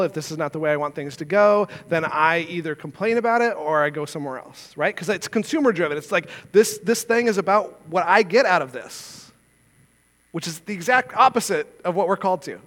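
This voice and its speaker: In a church sanctuary, a pastor with a slightly high, fairly bright voice preaches a sermon that echoes through the large hall. He is earnest and conversational, asking his listeners rhetorical questions.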